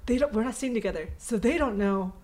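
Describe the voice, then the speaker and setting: A young adult woman in casual chat, telling a story in an animated, giggly way with lots of "like". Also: medium pitch, quick pace.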